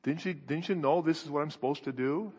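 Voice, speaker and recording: Guy putting on an offhand puzzled kid of twelve, kinda husky, big hall echo. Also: a little high, fairly quick, darkish tone, highs cut off. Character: shrugging boy of twelve, puzzled by worry. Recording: echoey hall.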